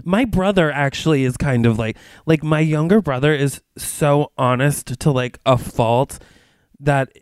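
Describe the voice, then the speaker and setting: A man with a clear, resonant, slightly high voice runs the segments of a podcast. He talks casually and loosely, with plenty of filler words. The recording is dry and close. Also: measured pace, dry recording. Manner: chatty, leads the segments, lots of "like". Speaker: podcast co-host. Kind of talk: casual chat.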